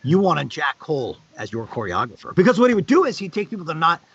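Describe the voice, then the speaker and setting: A middle-aged man telling animated backstage anecdotes in casual chat, bursting into loud high quoted lines. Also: quick pace, breathy edge. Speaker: guest on a charity live stream. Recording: dull lo-fi stream audio.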